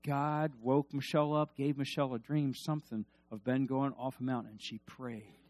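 A man preaches a sermon, shifting from loud emphasis to hushed asides and leading the congregation in call-and-response. His voice is medium-pitched and flat, at a normal speed.

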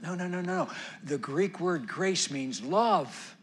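A middle-aged male pastor preaching a sermon, swinging between loud emphatic lines and soft, near-whispered ones. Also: mid-range voice, expressive, a little slow, a little hiss or hum.

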